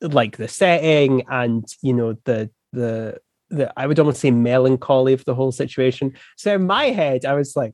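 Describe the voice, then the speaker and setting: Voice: mid-range voice, moderate pace, a little mellow, no room sound, clean studio sound. A podcast player chatting casually and mocking themself, laughing often. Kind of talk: casual chat.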